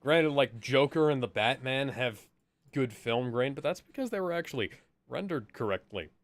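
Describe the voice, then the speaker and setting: A man co-hosting a casual movie chat, with dry, deadpan sarcasm. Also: medium pitch, moderate pace, no room sound. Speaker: podcast co-host.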